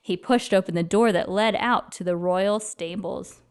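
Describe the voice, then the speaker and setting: A woman reading a children's picture book aloud in an expressive, lively storyteller manner. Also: medium pitch, unhurried, clean tone.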